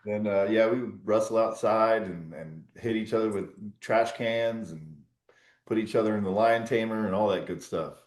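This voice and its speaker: A man's voice: lowish voice, normal speed. Laid-back man with a roomy echo. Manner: laid-back, rambling, swears casually. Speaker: host of a sobriety support call. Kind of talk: casual group call chat.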